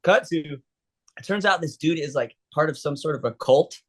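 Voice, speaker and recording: A man's voice: a little high, normal speed. A man, a stuntman guest, telling a long story in a casual interview and acting out the people in it. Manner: animated storyteller, acts out quoted people.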